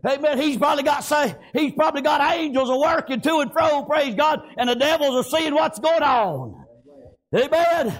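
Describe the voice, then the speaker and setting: An older pastor, preaching loudly and punctuating his sermon with frequent amens. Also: very high voice.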